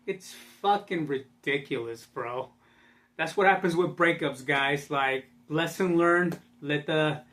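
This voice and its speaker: A man's voice: on the high side, a bit bright. A young man rambling in a casual vlog, profane and full of fillers. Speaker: vlogger.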